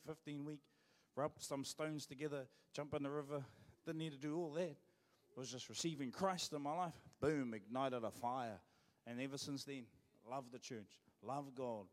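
A man's voice: a little high, big-room sound. A man with a New Zealand accent, preaching a sermon as pastor in a joking, conversational way. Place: church.

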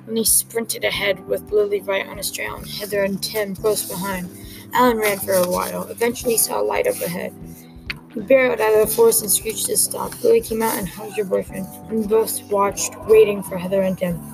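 A woman reading her own story aloud in a quick, plain manner, with music playing behind her. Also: mid-range voice, fairly even intonation, gravelly, poor audio.

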